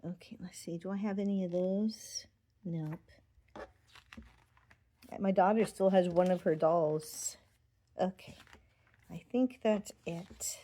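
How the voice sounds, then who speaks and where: A woman's voice: fairly low pitch, slow, pauses often, mellow, a little hiss or hum. A middle-aged woman chatting fondly at home by her Christmas tree, thinking aloud as she shows her ornaments. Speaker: Avon representative. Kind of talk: casual home vlog.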